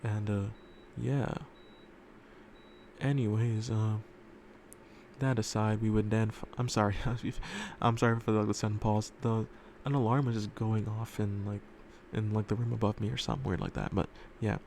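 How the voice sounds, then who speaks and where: A man's voice: fairly low pitch, steady tone, normal speed, creaky, darkish tone, a little hiss or hum. A man telling a fan story casually, rambling with lots of fillers and loose swearing, recorded in a room at home.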